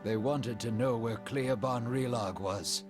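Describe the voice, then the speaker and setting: An actor playing a wounded, defiant male priest in a video game, speaking gruffly and urgently. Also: medium pitch, unhurried, natural voice. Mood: shaken. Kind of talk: game character voice acting. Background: game music.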